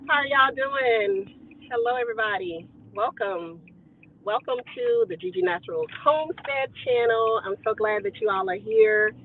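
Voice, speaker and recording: A woman's voice: on the high side, sing-song, a little slow, gravelly, pauses often, a little hiss or hum. A woman hosting a casual live stream from inside a car, playfully greeting her viewers by name through a headset. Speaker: homestead channel host. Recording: tinny phone-like audio.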